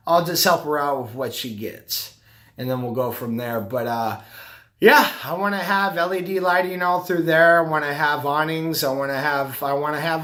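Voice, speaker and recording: Rambling man with a slightly high voice. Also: a bit bright. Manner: rambling, self-talking, repeats himself. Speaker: vlogger, carpet cleaner and business owner. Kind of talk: casual talk to camera.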